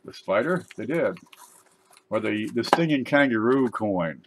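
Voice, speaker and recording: Low voiced guy rambling and cracking jokes while unboxing mail, faint hiss behind. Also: expressive, unhurried. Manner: joking, rambling, tall tales. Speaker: YouTube channel host. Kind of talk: casual unboxing chat.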